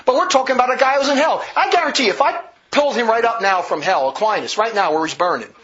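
This man's voice is very high-pitched and a bit bright, and he speaks fast and animatedly. A religious commentator, he gives a combative, vehement monologue full of heavy emphasis, captured on a dull lo-fi recording.

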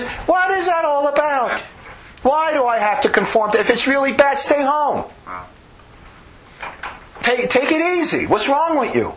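A fired-up man preaching a sermon, his voice swinging high and low as he presses each point. He talks in emphatic, rambling bursts full of restarts. The recording sounds dull and lo-fi. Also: sing-song, unhurried, long pauses, fairly bright tone, a little hiss or hum. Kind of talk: impassioned sermon.

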